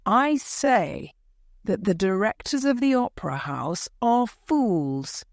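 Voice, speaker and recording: A woman's voice: medium pitch, big pitch swings, takes it slowly, creaky, dry recording, studio quality, voice pushed up, exaggerated voice. Woman playing a scornful, fearless doorkeeper woman. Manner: scornful, knowing.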